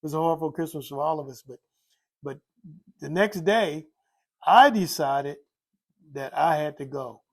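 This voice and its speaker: Older guy, gravelly kinda high voice, rambling honest recovery story, lots of "you know". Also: moderate pace, pauses often. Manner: rambling, repeats phrases, many "you know" fillers. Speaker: recovering alcoholic telling his story. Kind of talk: candid personal testimony.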